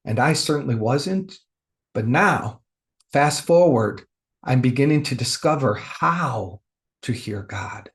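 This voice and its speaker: A man sharing a personal spiritual testimony as a spiritual teacher, emotional and swinging between loud bursts and hushed lows. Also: lively intonation, slow.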